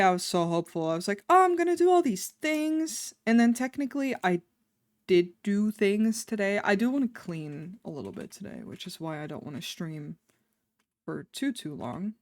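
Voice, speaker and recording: A woman's voice: fairly low pitch, a little mellow, no room sound. A woman streaming casually, chatting with her viewers in a rambling, offhand way and swearing now and then.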